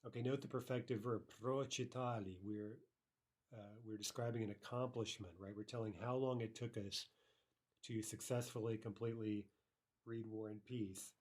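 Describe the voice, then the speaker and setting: A man teaching a recorded language lesson, explaining grammar step by step, checking in with "right?" and repeating example phrases slowly and carefully. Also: on the low side, steady tone, a little mellow. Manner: explanatory, frequent "right?" checks, slow careful Russian repetitions.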